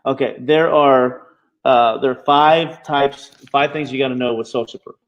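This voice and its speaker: A male instructor rushes through a live online marketing lesson, checking in with his listeners every few phrases. His voice sits at an ordinary middle pitch. The recording is a little dull and lo-fi. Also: steady tone. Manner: fast-talking, constantly checking in with "okay?". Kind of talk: live online class teaching.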